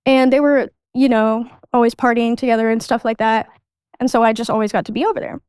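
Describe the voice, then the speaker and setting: Smooth higher-voiced woman telling a personal story. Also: fairly even intonation, brisk, darkish tone, no echo, studio quality. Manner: conversational, frequent "like" fillers. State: adult. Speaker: podcast guest.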